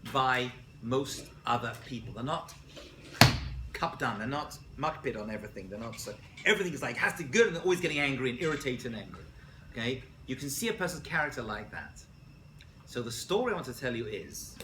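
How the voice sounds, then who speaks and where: Lively male rabbi lecturer, bright voice, echoey college room, jokes with the class. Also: medium pitch, a little hiss or hum. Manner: jokey, asks the class questions. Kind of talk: animated lecture with stories.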